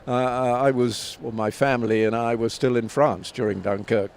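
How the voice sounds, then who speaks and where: A man in his seventies, a tennis commentator and author, answering interview questions in a measured, anecdotal way with frequent pauses and restarts. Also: fairly low pitch, gravelly, a little mellow, a little hiss or hum. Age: 70s.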